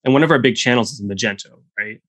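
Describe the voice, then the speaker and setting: A man talking as a guest in a casual interview, an animated storyteller full of quick restarts. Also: mid-range voice, dry recording. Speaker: guest, software founder.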